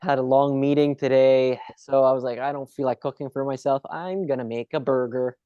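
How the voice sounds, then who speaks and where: A man's voice: medium pitch, fairly even intonation, brisk, smooth, no room sound. A man hosting a podcast in a chatty, rambling way with asides. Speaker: podcast host. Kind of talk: casual chat. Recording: dull, dry lo-fi sound.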